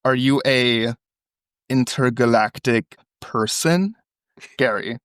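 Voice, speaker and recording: A man's voice: medium pitch, slow, long pauses, a bit bright, dry recording, clean studio sound. A man co-hosting a podcast, reading a phone call transcript aloud and acting out the quoted lines. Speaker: podcast co-host.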